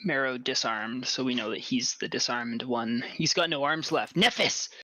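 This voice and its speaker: A man running a tabletop game as dungeon master, casually reading rules aloud with halting restarts. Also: mid-range voice, sharp tone, dry recording.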